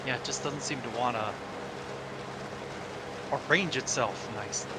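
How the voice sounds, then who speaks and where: A man playing along as a co-player, giving short, quiet replies in casual voice chat. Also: mid-range voice, normal speed, very noisy. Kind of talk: casual voice chat during a game.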